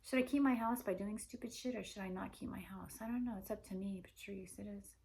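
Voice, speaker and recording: A woman with a mid-pitched voice talks alone in a long, rambling monologue. She strings question after question together and swears constantly. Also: fairly quick, gravelly, a little mellow. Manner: run-on questions, heavy swearing.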